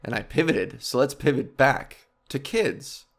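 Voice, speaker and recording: Guy comedian riffing solo, swears a lot, wanders off topic, mid pitch. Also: unhurried, gravelly. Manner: rambling, animated, profane, jumps between topics. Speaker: comedian podcast host. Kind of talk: casual comedic monologue.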